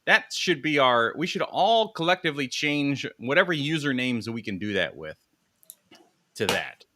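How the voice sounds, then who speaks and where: A man's voice: medium pitch, normal speed. A man co-hosting a casual livestream chat, wisecracking and reading out chat names. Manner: lively, wisecracking, reads chat names aloud. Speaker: co-host.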